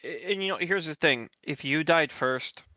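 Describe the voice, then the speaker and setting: A man with a bright, forceful voice tossing out dry jokes in a casual podcast chat. The line sounds a little dull and lo-fi, and the room around him is dry. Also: a little high, moderate pace, no room sound. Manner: dry, joking interjections. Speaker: podcast guest.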